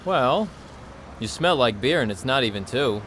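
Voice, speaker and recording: A cheerful, nosy actor friend in an audio drama, voiced by a man. He teases in a lively, bouncing voice while faint street traffic hums behind. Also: mid-range voice, normal speed, natural voice. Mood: teasing.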